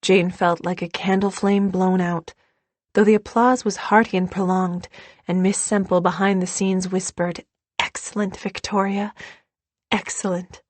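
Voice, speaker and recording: A woman narrating an audiobook with steady, even storytelling. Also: fairly low pitch, moderate pace, no echo. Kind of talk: scripted narration.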